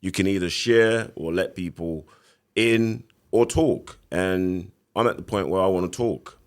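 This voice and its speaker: Deep-voiced London man telling his story. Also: unhurried. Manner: animated retelling with acted quotes. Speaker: podcast guest. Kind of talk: casual storytelling.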